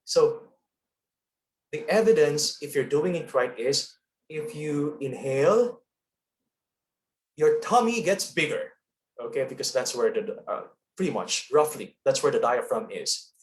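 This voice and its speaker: Teaching public speaking online, a Filipino-accented man with a broadcast-trained voice speaks at a measured pace, a little high and lively, with a roomy sound. He coaches his students and keeps asking "okay?".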